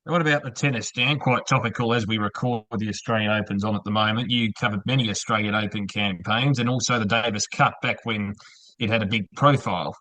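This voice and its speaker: A man's voice: fairly low pitch, quick pace, pushed and bright, dry recording, poor audio. A man hosting a podcast, asking questions conversationally. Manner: conversational, brief prompts. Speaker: podcast host. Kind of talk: interviewer.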